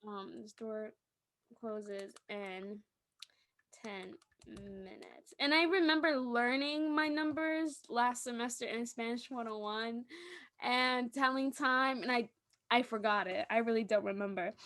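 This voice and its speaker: A young woman co-hosting a podcast, telling lively stories in casual chat and acting out the people she quotes. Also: a little high, unhurried, no room sound. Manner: animated storytelling, acting out quotes with laughs. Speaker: podcast co-host.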